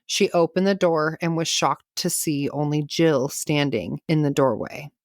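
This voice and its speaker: Low-voiced woman narrating true crime. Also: unhurried, darkish tone, dry recording, studio quality. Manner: reads case notes with casual asides and laughter. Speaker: podcast host.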